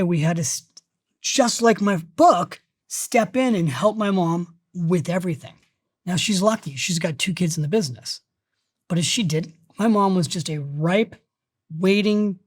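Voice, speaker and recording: A middle-aged man, a guest on a podcast interview, who talks about money in an emphatic, energetic way and tells stories as he goes. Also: high voice, no echo, clean studio sound. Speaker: guest, financial author.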